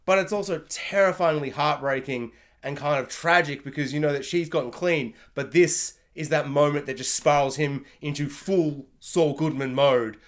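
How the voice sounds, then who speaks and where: A man giving a casual, gushing TV episode review, rambling with lots of fillers. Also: on the high side. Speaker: TV review vlogger.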